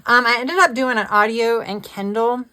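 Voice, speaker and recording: A woman's voice: a little high, moderate pace, pushed and bright. Woman, book vlogger, casual chatty talk, frequent laughs, trailing restarts. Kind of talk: casual chat.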